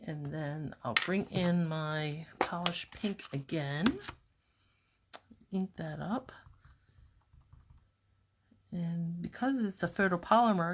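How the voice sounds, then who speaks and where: A woman calmly narrating a card-making tutorial step by step, talking herself through each task as she works at her craft table. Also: lowish voice, slight background noise. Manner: calm, step-by-step, talks to herself while working. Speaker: papercraft demonstrator.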